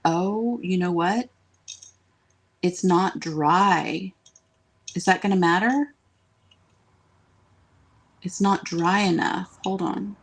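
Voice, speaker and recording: A woman hosting a live craft stream, chatty and excitable, talking straight to her viewers. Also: lowish voice, takes it slowly, pauses often. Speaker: DIY craft host.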